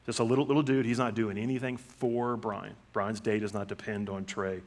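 A middle-aged man with a fairly low voice preaching a sermon. He talks casually, like he is chatting with the congregation, and acts out the quotes in his stories. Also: a little fast. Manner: conversational storytelling with lively acted-out quotes. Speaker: pastor.

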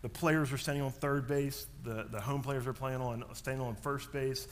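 A man, preaching a sermon and telling a story in an animated way, dropping to a hush and then rising loud. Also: medium pitch, moderate pace, a little hiss or hum. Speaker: pastor.

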